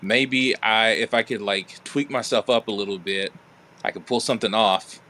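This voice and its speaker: A man's voice: fairly low pitch, steady tone, sharp tone. A man voicing a musing animal adventurer. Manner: halting, thinking aloud.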